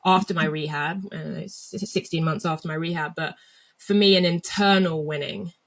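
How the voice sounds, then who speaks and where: A woman's voice: low-pitched, fairly even intonation, moderate pace. A young woman from England speaking as an interview guest. She tells her story reflectively, with frequent fillers and restarts. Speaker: guest athlete.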